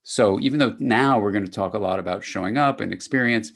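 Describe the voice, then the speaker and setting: An older man giving a conversational academic lecture to clinicians, lively and acting out little dialogues. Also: brisk, vocal fry. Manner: animated, conversational, acts out dialogues with rising pitch.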